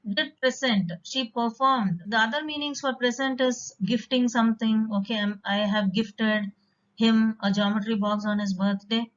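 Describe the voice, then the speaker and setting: A woman teaches a vocabulary lesson in a patient, explanatory way, pausing on fillers as she works through examples. Her voice sits a little high, and the recording is dull and lo-fi. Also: fairly even intonation. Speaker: English teacher.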